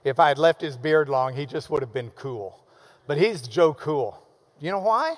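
Lively high-voiced pastor preaching. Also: male voice, moderate pace, big-room sound. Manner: enthusiastic, emphatic teaching with playful asides. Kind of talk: sermon.

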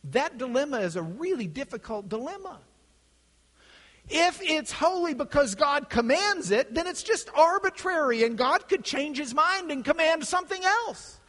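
Animated high-voiced lecturing man. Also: normal speed. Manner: animated, acts out voices in quotes. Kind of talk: classroom lecture. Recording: echoey hall.

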